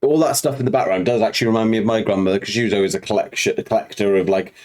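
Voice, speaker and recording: Man, fairly deep voice, thoughtful, rambling, casual reaction chat. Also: rapid-fire, a little mellow. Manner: thoughtful, rambling, many fillers. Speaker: reaction video co-host.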